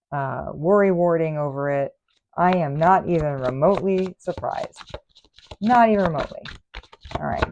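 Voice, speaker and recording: A woman's voice: lowish voice, a little mellow, a little hiss or hum. A woman giving a casual tarot reading, sassy and exasperated in her asides. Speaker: tarot reader.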